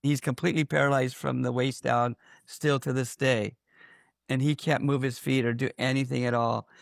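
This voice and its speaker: A man giving a candid personal account in an interview, halting, with many fillers and restarts. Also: mid-range voice, little pitch movement, creaky, no echo, studio quality.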